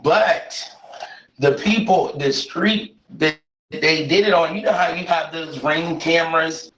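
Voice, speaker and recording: A man's voice: fairly high pitch, slow. A man speaking bluntly and with plenty of cursing in a casual chat. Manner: blunt and profane, animated. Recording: roomy, dull, slightly noisy.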